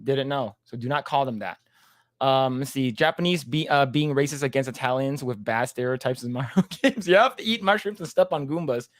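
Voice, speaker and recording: A man's voice: medium pitch, brisk, no room sound, studio quality. A man co-hosting a casual livestream podcast, reading chat comments aloud in a laid-back way and laughing often.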